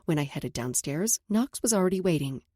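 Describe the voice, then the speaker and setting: Woman, audiobook narrator, first-person, soft intimate reading, husky, dark tone. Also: fairly low pitch, expressive, moderate pace, no room sound, studio quality.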